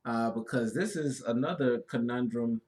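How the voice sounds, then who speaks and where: A man co-hosting a casual spiritual talk, speaking in an easygoing, drawn-out way with frequent affirmations. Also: mid-range voice, darkish tone. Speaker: co-host.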